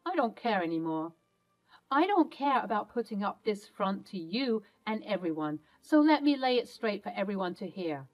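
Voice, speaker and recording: A woman's voice: mid-range voice, very animated, moderate pace, darkish tone, close to an everyday voice, low-quality recording. A woman voicing a rich, cruel older mother-in-law who speaks in cold, contemptuous threats.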